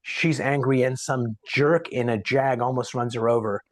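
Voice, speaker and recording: A man who is a podcast guest, talking casually and telling an anecdote in a lively way, voicing the people in it. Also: medium pitch, normal speed, no room sound. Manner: animated anecdote-teller, acts out quotes. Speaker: podcast guest, sales coach. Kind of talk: casual storytelling in conversation.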